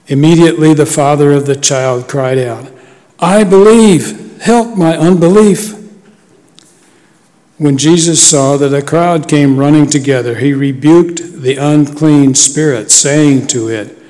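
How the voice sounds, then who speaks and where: A man giving a measured, solemn scripture reading in a church. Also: medium pitch, fairly even intonation, darkish tone. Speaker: scripture reader. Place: church sanctuary. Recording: long church reverb.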